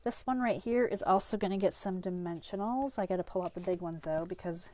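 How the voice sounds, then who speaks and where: A middle-aged woman teaches a live-stream card-making class, chatty, upbeat, and self-deprecating, though she's a bit sniffly as she gets over a cold. Her voice is on the low side, fairly quick, and dark in tone, with no echo.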